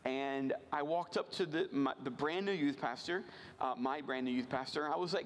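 A man from rural Virginia telling a personal story to a church audience, animated and self-deprecating, often asking the crowd questions. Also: fairly high pitch, moderate pace, a little hiss or hum. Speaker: missions speaker.

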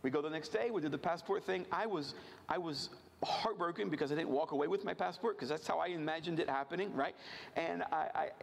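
A man from rural Virginia shares a self-deprecating story with a church crowd. His voice sits a touch high and carries a gravelly fry, and he keeps pulling the audience in with questions. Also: a little fast. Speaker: missions speaker.

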